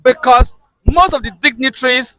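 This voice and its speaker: Journalist guy, high bright voice, steady questions, dry sound. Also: no room sound, low-quality recording. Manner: measured, presses on over interruptions. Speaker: journalist interviewer. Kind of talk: street interview questioning.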